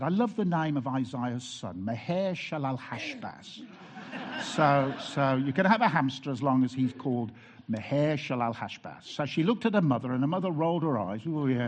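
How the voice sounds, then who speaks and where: A man's voice: medium pitch, a little mellow, husky. A man, a pastor preaching a sermon and telling personal stories in an earnest way, with wry asides and frequent restarts.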